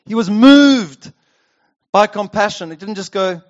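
A pastor preaching a sermon, reading scripture and talking it over conversationally with rhetorical questions. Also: male voice, sits high, a little slow. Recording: dull lo-fi sound.

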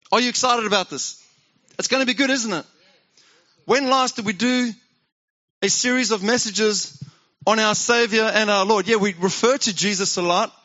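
High, bright-voiced pastor preaching. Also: male voice, lo-fi sound. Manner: conversational, asks the congregation questions. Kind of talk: sermon.

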